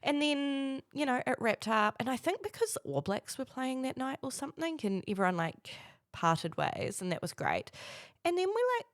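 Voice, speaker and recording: A woman's voice: high voice, very animated, normal speed, no room sound, clean studio sound. A young woman from New Zealand with a New Zealand accent, co-hosting a podcast, telling stories dramatically with casual swearing. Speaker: podcast co-host. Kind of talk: casual chat.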